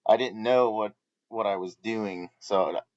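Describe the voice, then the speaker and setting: A man with a low voice shares a story during a live Bible study. He talks casually, with many restarts, and keeps circling back to his point. The sound is close and dry but muffled and dull. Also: unhurried, darkish tone, dry recording.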